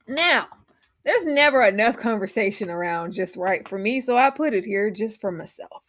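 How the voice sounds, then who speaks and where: A woman co-hosting a casual movie review chat, acting out characters' lines as she talks. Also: normal speed. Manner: animated, acts out characters' lines with big pitch jumps. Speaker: podcast co-host.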